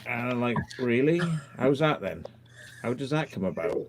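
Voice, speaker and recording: A man's voice: mid-range voice, very animated, moderate pace, creaky, background noise. A man chatting on a live stream in a rambling, tired way, swearing freely. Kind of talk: casual chat on a live stream.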